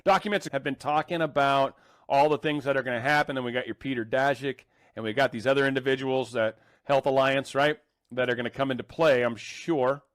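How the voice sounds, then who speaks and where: A man's voice: medium pitch, fairly even intonation, fairly quick, fairly bright tone, no echo, clean studio sound. A man casually reading news articles aloud and adding sarcastic, joking remarks between passages. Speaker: commentary host reading news.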